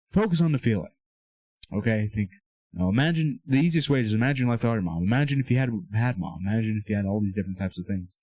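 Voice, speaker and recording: A man's voice: mid-range voice, mellow, no echo. A young man giving a casual, earnest motivational talk on faith and self-improvement, often checking in with his listeners. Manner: earnest, coaching tone, keeps checking in with "okay?" and "all right?". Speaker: Christian self-improvement speaker. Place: small room with a whiteboard.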